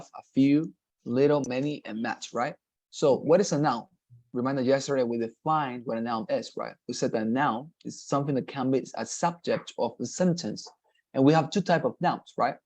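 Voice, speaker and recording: A man leads an online English lesson, patiently repeating each word and checking understanding. His voice sits at a mid pitch, and the recording is dry and close. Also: a little mellow, no room sound, poor audio. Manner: patient, repetitive, models pronunciations slowly, frequent "right?" checks. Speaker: English teacher.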